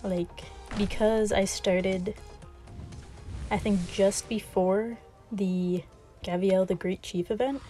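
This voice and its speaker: A woman gamer rambling in easy, casual chat, often giggling and a little out of breath. Her voice is mellow and soft-edged, with faint game music in the background. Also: medium pitch, steady tone, slow pace. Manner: says she always sounds out of breath. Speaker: gaming video creator.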